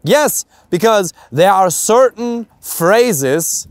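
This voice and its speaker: A man's voice: sits high, big pitch swings, moderate pace, dry recording. Blunt German-accented male dating coach. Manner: blunt, emphatic, swears casually, rhetorical questions. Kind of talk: direct-to-camera coaching monologue.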